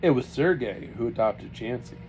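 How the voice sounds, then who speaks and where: A man reads a children's novel aloud in a steady, unhurried way. His voice sits in the middle range for a man. A faint hiss of background noise runs under the reading. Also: medium pitch, low-quality recording. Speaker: reader.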